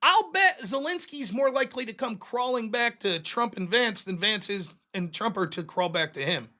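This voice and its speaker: A man's voice: high voice, lively intonation, moderate pace, sharp tone. A man hosting his own political commentary show, delivering a sarcastic, profane, combative solo rant and mocking his opponents.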